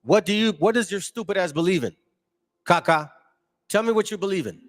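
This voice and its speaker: A man's voice: sits high, animated, fairly quick. Combative man hosting a livestream. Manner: combative, mocking, talks back to viewers. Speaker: channel host. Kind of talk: livestream commentary reading chat.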